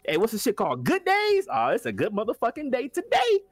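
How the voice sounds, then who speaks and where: A young man with a Southern US accent, joking crudely and excitedly in a casual reaction chat, saying "hey" over and over. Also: high-pitched, fast, no room sound. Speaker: reaction panelist.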